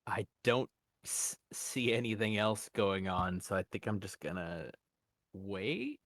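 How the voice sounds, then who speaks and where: A man's voice: on the low side, big pitch swings, slow, a bit bright, no echo. A man playing a tabletop game, casual and unsure, trailing off. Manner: laid-back, unsure, trailing off. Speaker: player.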